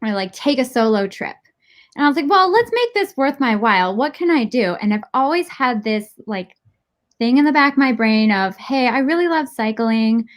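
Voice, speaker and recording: A woman from Michigan tells a personal story as the guest of a casual online interview. Her voice is somewhat high. She is animated, acts out her quoted lines, and laughs easily. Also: normal speed. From Michigan, United States.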